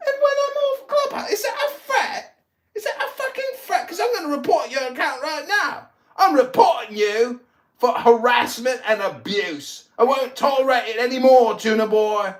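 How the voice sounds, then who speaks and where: A man's voice: high-pitched, very animated, a little slow, echoey room, heavily acted. A man putting on a mock English accent, playing a pompous, indignant ranter who swears theatrically in a comic roast. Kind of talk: comic roast in an audio chat room.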